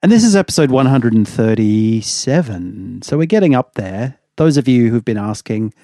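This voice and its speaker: Chatty man, slightly raspy. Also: mid-range voice, animated, normal speed, dark tone, no room sound, clean studio sound. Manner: chatty, rambling, laughs often. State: slightly raspy from a long day. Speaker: podcast co-host. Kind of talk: casual chat.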